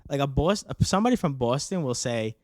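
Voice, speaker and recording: A man with a Staten Island accent talks easily as a podcast guest, agreeable and unhurried. His mid-range voice sounds dry and close. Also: medium pitch, lively intonation, darkish tone, no room sound. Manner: easygoing, agreeable, short replies. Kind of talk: casual chat.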